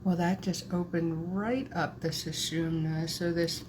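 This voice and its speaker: Woman, energy healer, guided channeling, soft meandering delivery, lowish voice, very unhurried. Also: fairly even intonation, a little hiss or hum. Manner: soft, meandering, spiritual phrasing.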